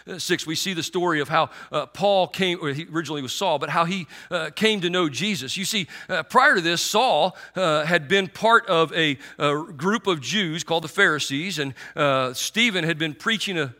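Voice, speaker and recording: A man's voice: fairly high pitch, sharp tone. A middle-aged man preaching a sermon in a conversational, sarcastic way, with many restarts and fillers.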